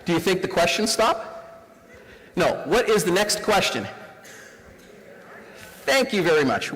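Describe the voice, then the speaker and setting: A man's voice: sits high, big pitch swings, unhurried, long pauses, fairly bright tone. Canadian guy in his 40s doing a diversity talk, keeps asking the room questions, echoey hall sound. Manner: engaging, asks the audience rhetorical questions. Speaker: diversity workshop facilitator. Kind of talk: live presentation to an audience. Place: room with a live audience.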